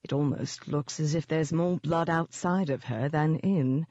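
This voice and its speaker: Narrator voicing a silky, cultured gentleman demon. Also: medium pitch, no echo, lo-fi sound, lightly acted. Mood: silky menace. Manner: slow, smooth, taunting delivery. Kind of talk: audiobook character voice.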